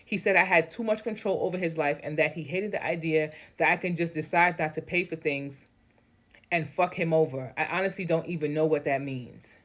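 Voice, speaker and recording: Reading an online post aloud, a woman speaks fairly quickly in a voice that sits low. She keeps interrupting the story with frank, blunt remarks and plenty of swearing.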